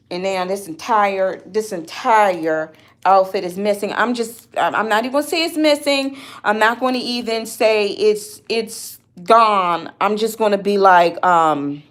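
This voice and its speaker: A woman talking in an upset, rambling vlog, often stopping and restarting her sentences. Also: medium pitch. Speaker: vlogger. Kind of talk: emotional personal vlog.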